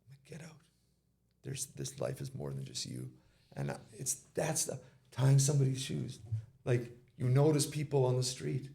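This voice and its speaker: A man's voice: medium pitch, gravelly, dark tone. A man giving an interview, telling a personal story and retelling conversations in casual quoted speech. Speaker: interview guest.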